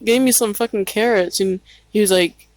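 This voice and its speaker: A woman telling a casual story about her past in a quiet voice, swearing freely and filling pauses with "like" and "um". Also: mid-range voice, no echo, poor audio. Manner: quiet-spoken, swears freely, frequent fillers.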